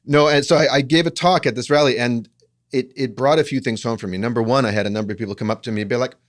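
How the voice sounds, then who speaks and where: A man's voice: mid-range voice, fast talker. A man co-hosting a podcast, talking in a wry, reflective, self-deprecating way. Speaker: podcast co-host. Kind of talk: casual conversational podcast talk.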